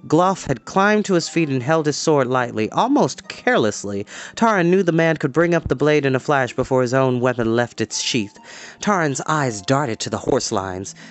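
Expressive man reading a novel aloud. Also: medium pitch. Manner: expressive, unhurried reading with asides. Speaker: storyteller host.

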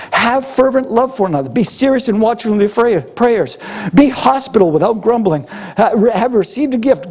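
Older male pastor, high husky voice, lively delivery. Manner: animated, acts out grumbling voices with humor. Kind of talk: sermon.

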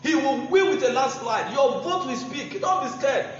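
A man's voice: very high-pitched, expressive, normal speed. A man with a Nigerian accent gives a combative, mocking political address and repeats phrases for emphasis. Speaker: political speaker. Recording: echoey room, dull lo-fi sound, faint noise.

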